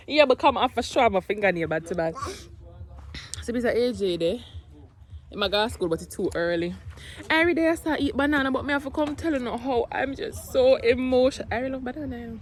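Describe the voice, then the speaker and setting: A woman's voice: fairly high pitch, animated, brisk. A young woman with a Jamaican accent chatting casually through her day in a home vlog, mixing Patois with English. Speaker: vlogger, single mom.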